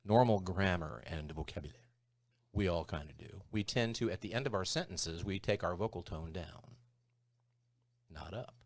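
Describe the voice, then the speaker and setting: A man's voice: low-pitched, normal speed, no echo, clean studio sound. A man in his sixties co-hosting a talk show, telling jokey stories in casual chat. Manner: animated, jokey storyteller who slips into impressions.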